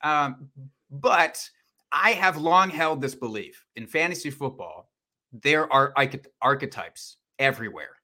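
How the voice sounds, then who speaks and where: A man with a high, slightly odd voice, chatting casually as a podcast guest and often laughing at himself. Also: expressive, unhurried, pushed and bright. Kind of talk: casual chat.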